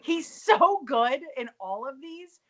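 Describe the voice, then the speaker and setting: A woman co-hosting a comedy podcast, recapping a TV episode in casual, profane, animated chat. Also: sits high, takes it slowly, crowd noise. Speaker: podcast co-host.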